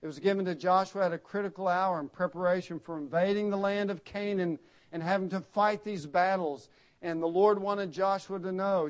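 Fairly high-voiced man preaching with dramatic dynamics. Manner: swings from loud emphatic peaks to hushed, low solemn drops. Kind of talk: sermon.

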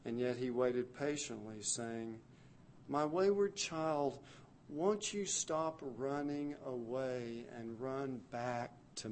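A man preaching a sermon, telling the story dramatically and swinging from hushed, soft passages to loud, urgent ones. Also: fairly high pitch.

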